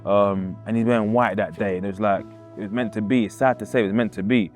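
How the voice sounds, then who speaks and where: A man's voice: fairly low pitch, fairly even intonation, quick pace, a little mellow. A man tells a painful story from his own life in a casual, loose way. He acts out the people he quotes and keeps coming back to the same words. Faint music plays behind him. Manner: casual, acts out quoted voices, repeats himself. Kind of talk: emotional personal storytelling.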